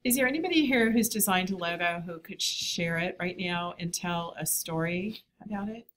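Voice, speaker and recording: A woman's voice: lowish voice, normal speed, slight background noise. A woman teaching a design class, talking in a chatty, enthusiastic way. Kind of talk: classroom lecture.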